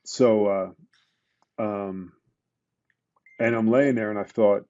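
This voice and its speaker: A middle-aged man speaks low and mellow, working through a painful memory in a casual interview. He stumbles, restarts and leans on fillers as he goes. The podcast audio is dull and close, with no room sound. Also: fairly even intonation, dry recording. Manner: emotional, halting retelling with many restarts and fillers. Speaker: podcast guest, retired police detective.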